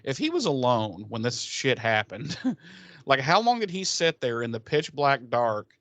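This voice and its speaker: A man's voice: mid-range voice, very animated, unhurried, a bit bright, no room sound. A man co-hosting a podcast, talking in a loose, rambling, joking way. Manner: rambling, joking, slips into mock voices. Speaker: podcast co-host. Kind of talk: casual chat.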